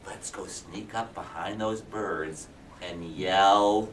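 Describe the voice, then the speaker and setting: Mischievous frogs plot their next prank in a conspiratorial tone, as a man puts them on during a classroom story. The voice is bright, and the room adds echo to a distant pickup. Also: low voice, fairly even intonation, takes it slowly, a little hiss or hum, voice pushed down. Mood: scheming. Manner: scheming, conspiratorial. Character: mischievous playful young frogs. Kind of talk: read-aloud storytelling.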